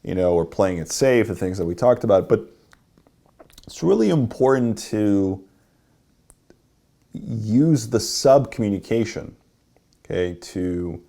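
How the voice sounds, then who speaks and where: A man's voice: fairly low pitch, animated, slow pace, creaky, long pauses, mellow. A man teaching a workshop as a dating coach, explaining and demonstrating how to deliver lines.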